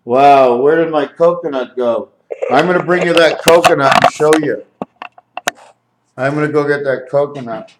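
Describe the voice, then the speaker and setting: A man talking to his camera in a rambling home video, counting numbers aloud, correcting himself and getting excited over what he finds. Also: a little high, normal speed, noisy background. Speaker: video maker.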